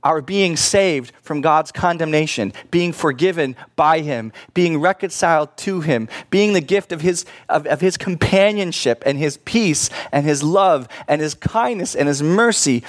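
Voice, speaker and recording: A man's voice: fairly high pitch, a little slow, few pauses. A middle-aged man preaches to his congregation in a slightly raised register. He is earnest and pleading, then drops into casual, conversational asides. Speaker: pastor. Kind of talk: sermon. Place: church.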